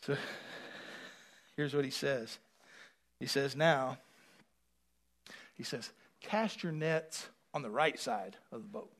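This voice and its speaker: A male pastor with a medium-pitched voice preaches slowly, pausing often. His sermon shifts from quiet asides to loud, rising appeals, and he calls for the congregation to answer him.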